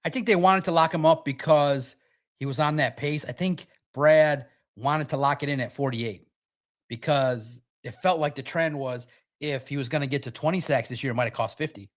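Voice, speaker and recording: A man's voice: a little high, moderate pace. A man hosting a football talk show, chatting casually and joking as he gives his takes. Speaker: sports talk show host. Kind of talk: casual sports commentary.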